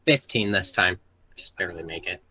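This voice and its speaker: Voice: low-pitched, lively intonation, moderate pace, sharp tone, slightly rough, low-quality recording. A player at a tabletop game, chatting casually and swearing now and then.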